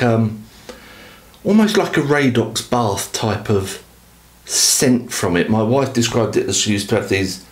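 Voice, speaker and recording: A man hosting a product review channel, talking to camera in a rambling, enthusiastic, self-deprecating way. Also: medium pitch. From United Kingdom. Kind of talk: casual talk to camera. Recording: echoey room.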